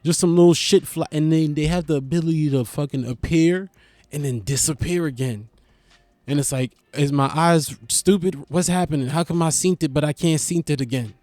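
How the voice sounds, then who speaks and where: Animated New man, rambling comedic riff. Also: a little high, moderate pace, no room sound. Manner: loose, animated, profane, swings into loud bursts. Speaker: podcast host. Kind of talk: casual comedic monologue.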